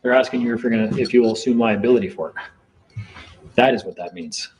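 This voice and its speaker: A man's voice: mid-range voice, fast, darkish tone, low-quality recording. Rambling man lecturing a small group. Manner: rambling, repeats himself, acts out court exchanges. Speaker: seminar speaker.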